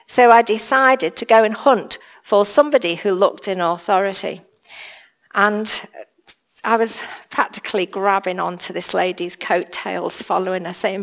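A woman giving a sermon, telling a personal story and acting out the voices of the people in it. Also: medium pitch. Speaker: preacher.

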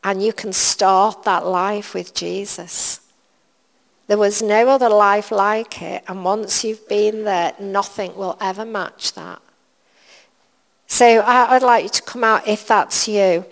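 Slow-speaking woman preaching in a reverberant church. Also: mid-range voice, steady tone, vocal fry. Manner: earnest, repeats short phrases for emphasis. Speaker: church leader. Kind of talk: sermon. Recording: long reverb of a church hall.

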